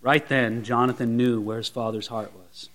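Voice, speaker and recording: A man's voice: medium pitch, steady tone, normal speed, a bit bright. A man preaching a Bible sermon as a pastor, often putting rhetorical questions to his listeners.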